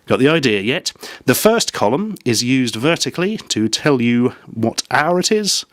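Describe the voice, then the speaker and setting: Man, gadget review vlog, dry self-mocking humour, mid-pitched voice, dry close sound. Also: a bit bright, dry recording.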